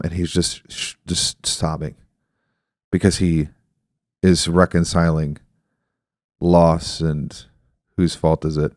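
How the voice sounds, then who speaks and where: Podcast host, male, thirties, deep-pitched, reflective explainer, dry close sound. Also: little pitch movement, slow pace, long pauses, dry recording. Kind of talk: casual podcast conversation.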